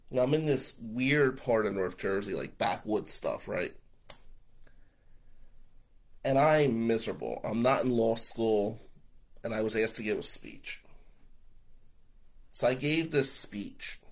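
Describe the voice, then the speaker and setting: A man telling a personal story in a casual, profane, conversational way, often checking in with "right?". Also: fairly low pitch.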